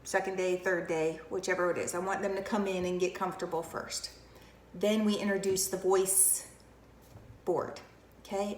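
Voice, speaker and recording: A woman's voice: on the low side, level tone, moderate pace, a little hiss or hum. A woman teacher demonstrating a classroom routine, speaking as if to young children and switching between a full voice and a whisper. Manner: speaks to camera as if to young children, with emphatic questions and praise. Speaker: kindergarten teacher. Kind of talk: instructional demonstration. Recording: roomy echo with faint ambience.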